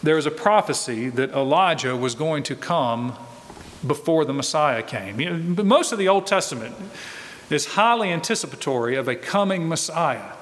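A man's voice: on the high side, expressive, moderate pace, a bit bright, a little hiss or hum. Man preaching in a reverberant hall. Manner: conversational teaching with rhetorical questions. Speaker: pastor. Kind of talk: expository sermon.

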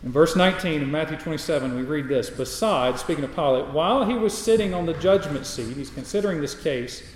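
A man's voice: fairly high pitch, lively intonation, brisk, heavy reverb, big-room sound, a little hiss or hum, rough recording. A man preaching a sermon, reading scripture aloud and building his points through repeated emphatic phrases. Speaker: pastor.

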